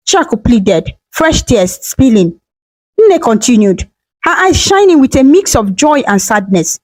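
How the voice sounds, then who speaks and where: A woman narrating a folktale in a gentle, emotional scripted reading. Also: high voice, big pitch swings, a little slow, dry recording, low-quality recording. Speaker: storyteller.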